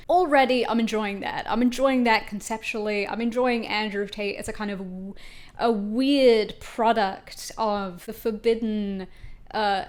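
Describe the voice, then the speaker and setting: A woman reads tweets aloud and mocks them in a wry, sarcastic commentary style. Her voice sits a little high for a woman, and her jokes turn back on herself. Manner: wry, sarcastic, self-mocking. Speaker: YouTube commentator. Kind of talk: comedic commentary reading tweets.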